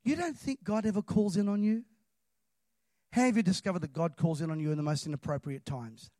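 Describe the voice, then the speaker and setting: A man preaching a sermon in a church, impassioned and rising to loud emphatic calls. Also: high voice, a little fast, no echo, clean studio sound.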